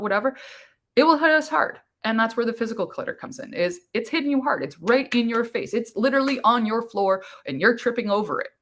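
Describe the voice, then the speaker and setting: A woman's voice: mid-range voice, a bit bright. A woman host giving an earnest, casual motivational talk, repeating her points with many fillers.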